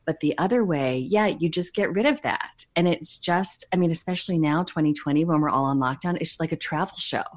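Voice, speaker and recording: A woman with a low, full voice chats eagerly as a podcast co-host. She talks in a loose, excited way and laughs often. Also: fairly quick, hardly any pauses. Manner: chatty, enthusiastic, laughs often. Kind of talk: casual chat.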